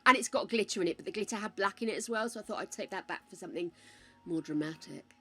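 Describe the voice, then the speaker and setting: A woman's voice: medium pitch, fast, pushed and bright, breathy edge. A woman hosting a casual live stream, chatting while she plays and calling her viewers pet names.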